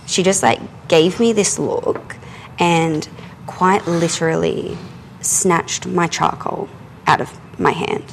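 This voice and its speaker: A young adult woman, telling a candid personal story in a casual, animated way while she works in her art studio. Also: on the low side, slow, vocal fry, a little hiss or hum, poor audio. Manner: animated, candid, often swears and laughs. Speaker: artist and podcast host. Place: art studio, drawing and climbing ladders while talking.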